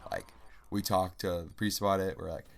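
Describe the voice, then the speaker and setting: Low-voiced young man telling a story. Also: fairly even intonation, a little fast, creaky, a little hiss or hum. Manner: rambling, exasperated, many "like" fillers. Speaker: vlogger. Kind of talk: casual storytelling.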